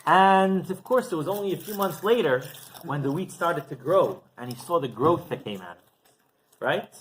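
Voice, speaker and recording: A man's voice: fairly high pitch, normal speed, slight background noise, low-quality recording. A male rabbi giving a Torah class, telling stories animatedly and often checking in with "right?". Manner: animated storytelling with frequent "right?".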